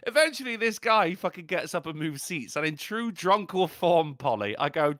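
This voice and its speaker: A man's voice: high-pitched, very animated, fairly quick, hardly any pauses, a bit bright, no room sound, clean studio sound. A man with an English accent, co-hosting a livestream and telling stories full of swearing and laughter. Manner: profane, laughing storyteller. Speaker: podcast co-host. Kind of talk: livestream talk show.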